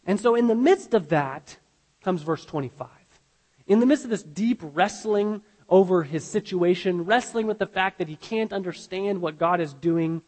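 A man delivers a sermon in an earnest, emphatic way, often stopping to restart a sentence. His voice sits high for a man. The sound rings with the long reverb of a large hall. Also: normal speed. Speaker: pastor.

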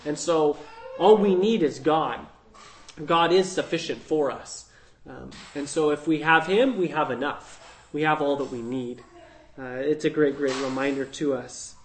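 Male Bible teacher, slightly higher voice, relaxed conversational delivery with asides. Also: unhurried, slight background noise, poor audio. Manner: conversational, thinking aloud with fillers and "right?".

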